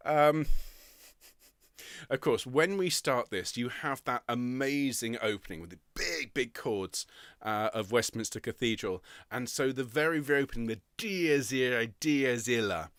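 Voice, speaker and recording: A man's voice: mid-range voice, expressive, moderate pace, a bit bright, dry recording, clean studio sound. A middle-aged man leading an online choir rehearsal, chatty and enthusiastic, often repeating his words as he coaches the singers. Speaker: choir conductor.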